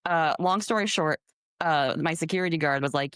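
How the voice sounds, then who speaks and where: A young adult woman co-hosting a podcast, telling a workplace story in casual chat, animated and swearing freely. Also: sits low, normal speed, smooth, dry recording. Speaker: podcast co-host.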